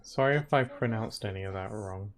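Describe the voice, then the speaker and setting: With faint game music in the background, a man gives chatty, rambling let's-play commentary during a game stream, laughing a lot and peppering his talk with "like". His voice sits on the low side and moves a little fast.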